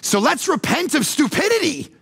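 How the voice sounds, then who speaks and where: A middle-aged male pastor preaching a sermon, animated, jumping between loud mock voices and hushed, calm passages. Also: extremely high pitch, moderate pace, gravelly.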